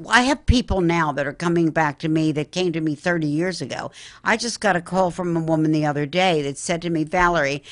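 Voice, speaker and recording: Woman, middle-aged, low voice, earnest storyteller, interview guest. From Philadelphia, Pennsylvania area. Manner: earnest, storytelling, addresses listener as honey. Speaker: psychic medium guest. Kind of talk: interview talk.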